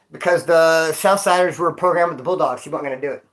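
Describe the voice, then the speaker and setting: A man's voice: fairly high pitch, fast talker, fairly bright tone. A man telling stories on a casual vlog into his phone, winded after exercise, talking street slang and calling the listener dog and homie. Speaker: vlogger.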